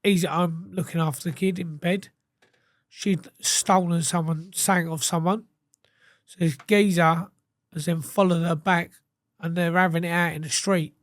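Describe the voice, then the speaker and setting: A man's voice: a little high, fairly even intonation, normal speed, no echo, studio quality. A man, a guest telling a story in a casual, blunt way, swearing freely and acting out what others said. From England. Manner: blunt, sweary, acts out quoted dialogue.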